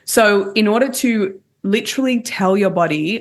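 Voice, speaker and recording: A woman dating coach, a guest on a podcast, calmly explaining techniques step by step in casual conversation. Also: medium pitch, normal speed. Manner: calm, explanatory, walks through techniques step by step.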